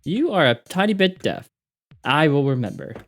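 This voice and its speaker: A man's voice: on the high side, big pitch swings, normal speed, fairly bright tone. A man reading game dialogue aloud, voicing an odd, cheerful alien posing as a crewmate with stilted, oddly phrased speech.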